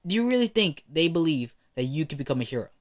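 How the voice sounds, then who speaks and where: A man's voice: a little high, very animated, quick pace, pitched above the performer's own voice. A man voicing a brash, arrogant teenage boy who boasts, taunts and swears. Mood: taunting.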